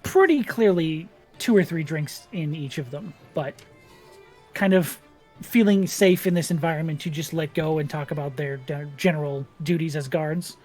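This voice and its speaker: A man narrating as game master in a tabletop role-playing stream, chatty and relaxed. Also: a little high, normal speed, soft background music. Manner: relaxed, chatty with fillers and laughs.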